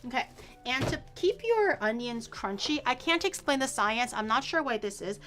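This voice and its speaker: Woman streamer cooking at home, bright-pitched, rambling and chatty, curses freely, faint music underneath. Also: very animated, moderate pace. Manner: chatty, rambling, swears casually, explains as she goes. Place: home kitchen.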